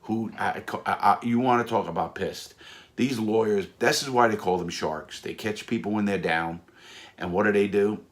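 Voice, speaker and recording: A man with a fairly low voice tells a personal story in casual monologue. He talks emphatically, repeating phrases and restarting mid-sentence as he drives each point home. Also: moderate pace. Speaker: storyteller recounting his prison case.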